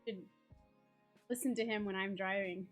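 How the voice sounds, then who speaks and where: A woman's voice: mid-range voice, fairly even intonation, moderate pace, soft background music. A woman joining a casual live chat, teasing and laughing, speaking from farther away than the host without a headset. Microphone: farther from the mic than the host, no headset.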